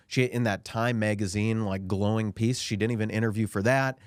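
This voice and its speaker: A man co-hosting a podcast, delivering sarcastic political banter in a mock-outraged tone that swings into high mocking voices. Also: quick pace, hardly any pauses, no echo, clean studio sound. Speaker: podcast co-host.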